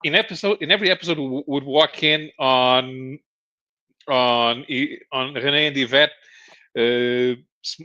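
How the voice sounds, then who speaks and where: A man explaining a show in casual chat as podcast co-host, halting and restarting, chuckling as he goes. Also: mid-range voice, pushed and bright. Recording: dull lo-fi stream audio.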